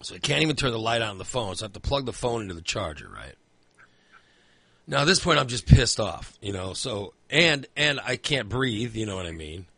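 Bright, rambling man telling a story. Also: fairly low pitch, very animated, a little fast, gravelly, breathy edge, no room sound. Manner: rambling storyteller, filler-heavy, swears freely. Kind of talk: casual chat.

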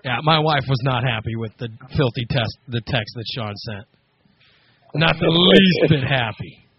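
A man's voice: medium pitch, moderate pace, dull audio, slight background noise. A man on a podcast telling a story in a casual chat, acting out the quoted lines and laughing as he goes. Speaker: podcast co-host.

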